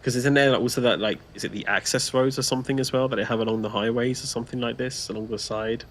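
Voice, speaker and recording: A man co-hosts a relaxed gameplay livestream, chatting easily and breaking into laughter. His voice sits at an ordinary middle pitch, with a faint hiss of noise behind him as he reads out viewer comments. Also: fast talker. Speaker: stream co-host. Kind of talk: casual livestream chat.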